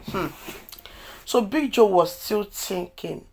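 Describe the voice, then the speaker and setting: A woman with a Nigerian accent chatting through a casual movie recap, telling the story in an animated way with exclamations. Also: mid-range voice, measured pace. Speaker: movie reviewer.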